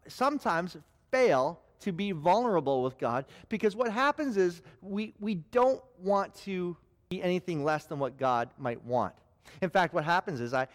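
A male pastor preaching a sermon, earnest and speaking straight to his listeners. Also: sits high. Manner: earnest, addresses listeners directly. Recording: long hall reverb.

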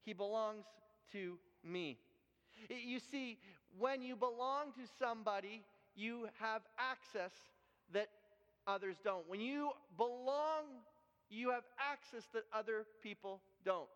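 A man's voice: very high voice, unhurried, fairly bright tone, clean tone. A man from Canada preaching a sermon, telling a personal story in an earnest way and often repeating and restarting words. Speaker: pastor. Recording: echoey hall, dull lo-fi sound.

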